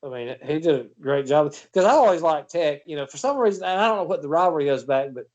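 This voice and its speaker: A man's voice: fairly high pitch, animated, fast, darkish tone, lo-fi sound. A man hosting a casual football chat, telling long stories full of fillers and restarts. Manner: rambling storyteller with many fillers. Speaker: podcast host.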